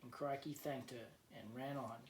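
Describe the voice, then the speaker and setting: A man's voice: mid-range voice, steady tone, moderate pace. Male teacher reading a kids' story, stops to explain words, echoey room, mic kinda far, faint hum behind. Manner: gentle storyteller who explains words for kids. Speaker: teacher, guest reader. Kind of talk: reading a picture book aloud to children. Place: at home, remote learning.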